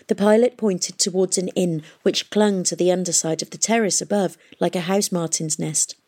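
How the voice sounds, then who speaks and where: Woman narrator, lowish voice, steady expressive storybook reading. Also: moderate pace. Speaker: audiobook narrator.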